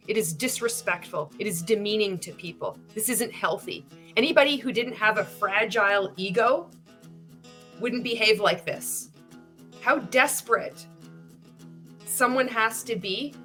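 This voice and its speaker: Woman doing reaction commentary, blunt, fed up, swears a lot, average pitch. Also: bright, forceful tone. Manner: blunt, indignant, swears freely. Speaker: commentary host.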